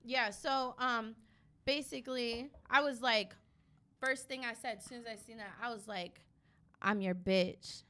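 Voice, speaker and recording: Brash, bright-voiced young woman telling stories. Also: on the high side, fairly even intonation, normal speed. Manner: profane, chatty, sassy. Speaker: podcast guest. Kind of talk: casual storytelling chat.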